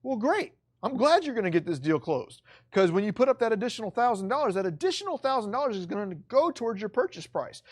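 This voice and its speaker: Brief: blunt course instructor, emphatic and repetitive, casual in tone, mid-pitched voice. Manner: emphatic, repeats key points, blunt and casual. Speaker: real estate instructor. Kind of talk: online course lecture.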